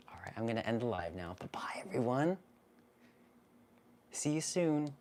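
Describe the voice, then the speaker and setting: A man hosting a live-streamed card reading, talking gently and soothingly, often repeating himself. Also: mid-range voice, big pitch swings, normal speed, pauses often. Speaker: spiritual card reader, live stream host.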